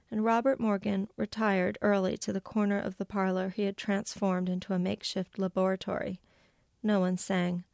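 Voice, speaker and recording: A woman author reading a passage from her novel aloud, measured, lightly voicing the characters' lines. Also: medium pitch, gravelly, darkish tone, no room sound, studio quality. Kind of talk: literary reading.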